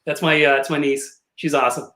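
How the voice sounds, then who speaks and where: The podcast guest, about fifty, speaks briskly in a bright, forceful voice on the high side with a level tone. He tells jokey, laugh-filled stories during a casual video-call chat, and the call audio is echoey and roomy.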